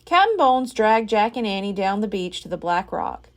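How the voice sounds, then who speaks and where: A woman reading a children's chapter book aloud as a library storyteller, expressive and unhurried. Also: medium pitch.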